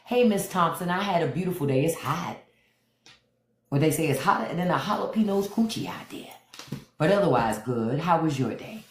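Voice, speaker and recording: A man's voice: fairly high pitch, animated, normal speed. A man hosting a casual livestream, giving opinionated political commentary and stopping often to greet viewers by name. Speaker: livestream host. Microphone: phone livestream. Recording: roomy echo.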